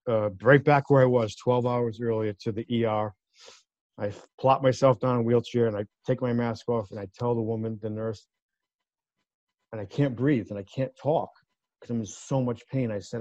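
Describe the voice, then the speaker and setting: A man's voice: medium pitch, no room sound. Man telling a story, muffled dry sound. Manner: animated, acts out quoted voices. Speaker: guest. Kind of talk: casual storytelling.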